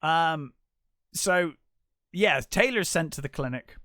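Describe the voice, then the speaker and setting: Guy on a movie podcast, bit higher voice, dry close sound, rambly with lots of ums. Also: lively intonation, takes it slowly, pushed and bright, dry recording. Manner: rambling retelling with fillers and acted quotes. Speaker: podcast co-host. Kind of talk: casual film discussion.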